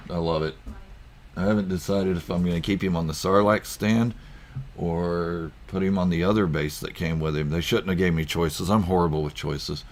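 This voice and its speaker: A man hosting a casual live stream from home, rambling through viewer comments with lots of ums and chuckles. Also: low voice. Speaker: YouTube channel host.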